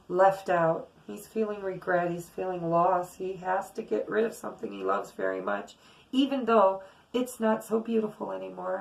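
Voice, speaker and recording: A woman's voice: mid-range voice, vocal fry, poor audio. A middle-aged woman giving a casual, earnest tarot reading to her viewers, often repeating words for emphasis. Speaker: tarot reader.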